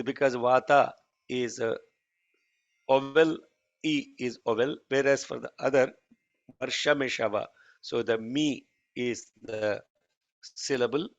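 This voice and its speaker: A man practising a chant in an online class, reciting slowly and carefully and speaking quietly and hesitantly between lines. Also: medium pitch, vocal fry, dry recording, dull audio. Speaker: student.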